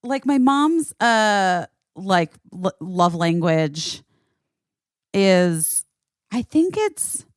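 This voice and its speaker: A chatty woman hosts a podcast, chatting loosely with plenty of fillers and quick laughs. Her voice sits at an ordinary middle pitch. It is recorded close and dry, with no room sound. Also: sing-song, no echo. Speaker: podcast host. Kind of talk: casual chat.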